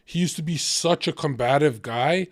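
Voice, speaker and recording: Man, podcast host, blunt, profane, casual chat, fairly high voice, dry sound. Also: normal speed, no room sound.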